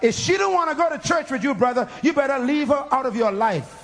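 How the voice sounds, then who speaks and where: A man preaching a fiery sermon, shouting, laughing and leading call-and-response. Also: very high voice, expressive, fairly quick, some chatter behind, a little hiss or hum.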